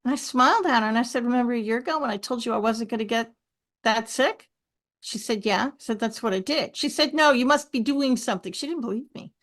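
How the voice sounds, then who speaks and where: Animated woman telling stories. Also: a little high, quick pace. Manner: animated storyteller, lively asides. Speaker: guest. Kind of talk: podcast conversation.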